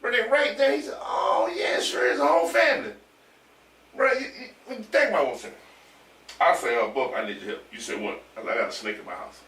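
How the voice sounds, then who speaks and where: Animated high-voiced man telling a story. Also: fast talker. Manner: animated, laughing, swearing storyteller. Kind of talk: casual storytelling chat. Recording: roomy echo from far off with faint ambience.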